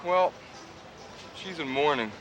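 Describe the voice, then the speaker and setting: A man's voice: fairly high pitch, takes it slowly, dull audio, slight background noise. An actor playing a folksy, eager, nervous male car salesman. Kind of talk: 1980s sitcom acting.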